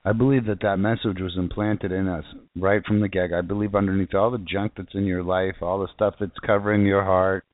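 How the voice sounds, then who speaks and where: Speaking low and in an even tone, this South Florida man preaches on internet radio at a brisk clip with almost no pauses. His fervent, informal sermon wanders, full of restarts and repeated phrases, captured dry over a tinny phone line.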